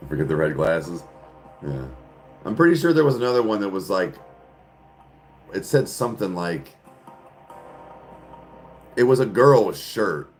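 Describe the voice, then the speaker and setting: A man's voice: deep voice, big pitch swings, measured pace, long pauses, faint music behind. A man hosting a casual podcast chat, rambling in a crude, joking way and laughing often. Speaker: podcast host. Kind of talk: casual chat answering viewers.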